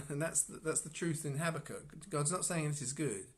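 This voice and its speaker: A man sharing an informal devotional reflection on scripture as a Bible teacher. He muses aloud and keeps stopping to restart his sentences, breaking off with soft chuckles. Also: on the high side. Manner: musing, halting, with frequent restarts and soft chuckles.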